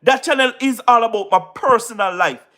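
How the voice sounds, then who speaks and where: Jamaican man, high voice, bright tone, live-stream chatter, repetitive and emphatic. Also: fairly quick. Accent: Jamaican Patois. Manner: repetitive, keeps asking "you understand what I mean", emphatic. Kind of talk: casual live-stream commentary with viewer shout-outs.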